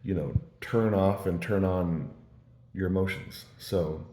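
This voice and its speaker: Mellow low-voiced man rambling casually. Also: slow pace. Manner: meandering storytelling with many fillers and restarts. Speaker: vlogger. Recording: roomy echo.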